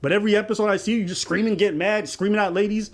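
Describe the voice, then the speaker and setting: A man's voice: sits high, fairly even intonation. A man co-hosting a podcast, giving heated, mocking, profane commentary in casual chat. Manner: mocking, rapid, profane, repeats words when worked up. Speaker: podcast co-host.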